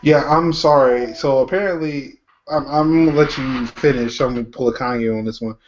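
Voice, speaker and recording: A man co-hosting a casual podcast, calling in on a cell phone and making quick joking asides. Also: mid-range voice, a little hiss or hum. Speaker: co-host. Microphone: cell phone call. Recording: lo-fi phone call audio.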